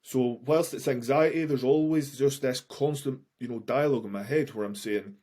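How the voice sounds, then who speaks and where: A man's voice: mid-range voice, normal speed, few pauses, mellow. A man who works as a coach, a guest on a podcast, talks openly about his anxiety. He speaks frankly, swears freely and often restarts his sentences. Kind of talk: candid podcast conversation.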